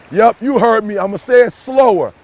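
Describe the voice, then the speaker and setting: A man giving an emphatic, repetitive motivational talk straight to the listener, breaking into shouts and folksy asides. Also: high-pitched, slight background noise. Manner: folksy, addresses listener directly. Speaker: motivational speaker.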